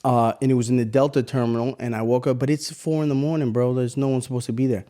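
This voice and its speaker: A man's voice: mid-range voice, fairly even intonation, quick pace, mellow. A man in his thirties co-hosting a podcast, telling a story in casual chat, acting out voices and swearing freely. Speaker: podcast co-host.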